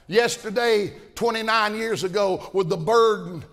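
An older man preaching a fiery sermon, folksy and impassioned, swinging from shouts to low asides. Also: a little slow. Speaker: pastor. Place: large church auditorium at a conference. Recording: long reverb of a big hall.

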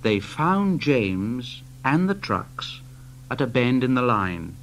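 A man with a British accent reading a children's story aloud in an expressive storytelling voice. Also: mid-range voice, heavy background noise. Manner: slow, lively storytelling. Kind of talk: storybook narration.

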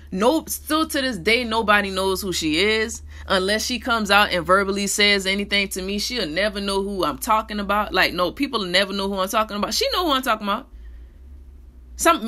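A woman vlogger talking candidly in a personal monologue, animated and blunt, swinging between loud outbursts and hushed asides. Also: a little high.

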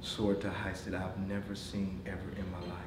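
A man in his forties giving a motivational speech to a business team, telling animated stories, laughing as he goes and addressing the audience directly. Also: low-pitched, moderate pace. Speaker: motivational speaker. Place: corporate meeting room. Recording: echoey room from far off, noisy.

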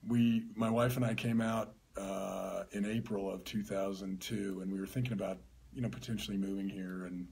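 A man's voice: sits low, steady tone, normal speed, gravelly, darkish tone, slight background noise. A man hosting an interview in an easygoing, supportive way. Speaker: interview host. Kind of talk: conversational interview.

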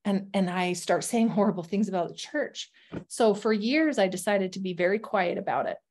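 A woman's voice: mid-range voice, normal speed, a little mellow, slight background noise. A woman telling her own life story as a guest, speaking candidly and earnestly, with frequent ums and restarts. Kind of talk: personal testimony.

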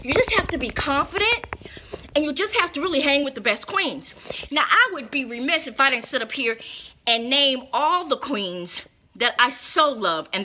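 A flamboyant middle-aged woman chats to the camera in a high, bright voice that swoops up and down. She sounds hoarse from a sore throat, and her delivery stays campy and playful. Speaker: show host. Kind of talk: casual chat to camera.

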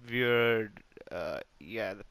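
A man hosting a gaming channel, giving live, excitable and self-mocking commentary as he plays, talking to teammates and enemies. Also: fairly low pitch, drawn-out words, smooth.

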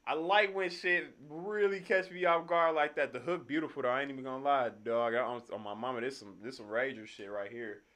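A man's voice: mid-range voice, fairly even intonation, brisk, hardly any pauses, a bit bright. A tired young man just off work, hosting a music reaction video in slangy, profanity-laced casual talk. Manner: slangy, swears freely, hypes the music up. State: tired after work, yawning.

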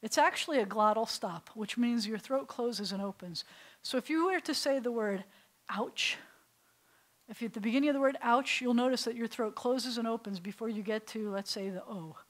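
A middle-aged woman rabbi teaching a beginners' Hebrew class, patient and playful, slowly sounding out syllables for students. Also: fairly high pitch, low-quality recording. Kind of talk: classroom language lesson.

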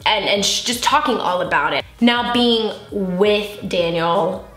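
A woman's voice: mid-range voice, measured pace, a bit bright. A woman in her twenties chatting candidly and emotionally while doing her makeup for a vlog. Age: 20s. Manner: candid, giggly, emotional and open. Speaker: beauty vlogger. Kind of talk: casual get-ready-with-me chat. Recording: echoey room with faint music.

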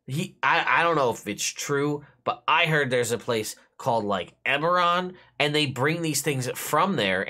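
A man's voice: on the high side, pitched above the performer's own voice, heavily acted. A game master voicing an eager young boy who rambles on about rumors he has heard. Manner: breathless, rambling, excitable. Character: young boy, Toblin's son, eager gossip. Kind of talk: tabletop game voice acting.

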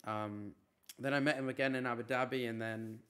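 A man's voice: medium pitch, steady tone, fairly bright tone. A man chatting casually on a live stream, reading out his chat and answering questions in an easygoing way. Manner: chatty, easygoing, quick to brush off teasing.

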